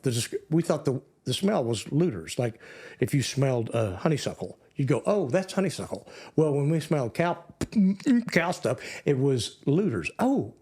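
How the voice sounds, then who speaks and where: Older man, guest actor, lively drawling storyteller, mid pitch. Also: normal speed, breathy edge. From Texas, USA. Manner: animated, drawling storyteller who jumps into high voices for quoted people. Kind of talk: casual storytelling chat.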